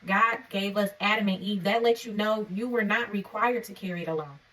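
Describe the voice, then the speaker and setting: Woman, faith vlogger, earnest, preacherly, conversational, mid-pitched, recorded from a distance. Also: a little fast, sharp tone. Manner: earnest, preacherly, punctuates points with "okay?"; conversational and informal. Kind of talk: encouraging devotional vlog talk.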